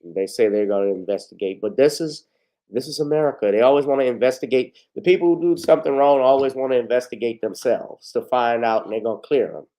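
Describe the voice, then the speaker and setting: A man hosting his own video, talking through a news story in loose, profane casual commentary that often trails off quietly. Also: medium pitch, quick pace. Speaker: vlog host.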